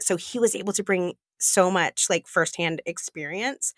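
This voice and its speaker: A woman co-hosting a podcast in casual chat, her voice husky from being sick. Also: lowish voice, unhurried, hardly any pauses, no echo, clean studio sound. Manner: animated, chatty with fillers. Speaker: podcast co-host.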